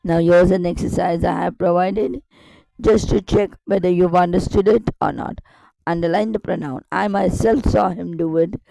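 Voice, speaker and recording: A woman's voice: on the low side, fairly even intonation, normal speed, creaky, warm tone, no echo, low-quality recording. A woman teaching a grammar lesson online, explaining step by step with repetition and rhetorical questions.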